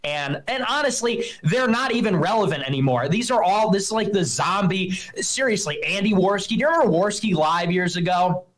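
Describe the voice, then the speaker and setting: A man's voice: sits high, lively intonation, normal speed, hardly any pauses, fairly bright tone. A young man hosting a live stream, ranting in a scornful, mocking and profane way. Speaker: streamer host. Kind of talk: heated live-stream rant.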